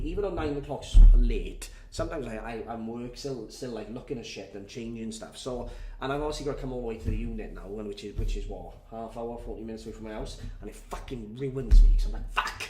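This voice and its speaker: A tired man hosts a live prize draw in casual, rambling chat and swears freely. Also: mid-range voice. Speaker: competition host running a live prize draw. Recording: echoey room with faint background noise.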